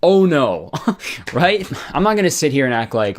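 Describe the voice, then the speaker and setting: A man's voice: fairly high pitch, sing-song, normal speed. A man giving comedic commentary in a sarcastic, exasperated tone, swearing casually.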